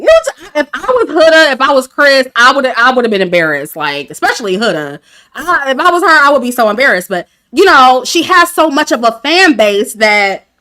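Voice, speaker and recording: Chatting with her viewers about a dating show, a reality TV commentator speaks in a high-pitched, bright, forceful voice. The livestream review is casual, and she's open and laughs frequently.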